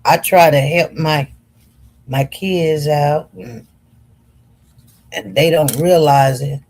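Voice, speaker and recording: A woman hosts a casual livestream and reads viewer comments aloud. She talks slowly and wanders from point to point. Her manner is chatty, and she keeps turning to her audience as y'all. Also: deep voice, darkish tone. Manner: chatty, slow and meandering, addresses viewers as y'all. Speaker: livestream host.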